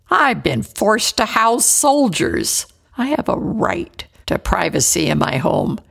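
A woman's voice: mid-range voice, vocal fry, heavily acted. A woman voicing an angry male colonial merchant in a story reading, speaking with indignant emphasis.

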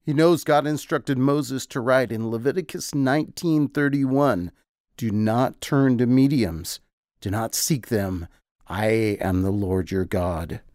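A man's voice: medium pitch, slow, darkish tone, no echo, studio quality, lightly acted. A man voicing a principled male royal advisor who speaks earnestly and disapprovingly, in an audio drama.

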